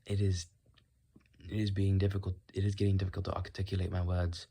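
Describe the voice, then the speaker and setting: A man rambles calmly in a put-on British accent, his voice low and mellow. His questions come out with an inquisitive lilt. His mouth sounds dry as he speaks. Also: brisk, husky. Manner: calm, musing, inquisitive tone. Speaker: video creator. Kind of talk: rambling solo monologue.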